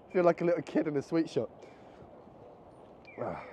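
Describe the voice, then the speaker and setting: A male travel vlogger with a fairly high pitch talks at a moderate pace while strolling outdoors and visiting a convenience store. His narration is casual, excitable, and full of thinking aloud, and he is slightly winded. The outdoor camera sound is muffled, with street noise.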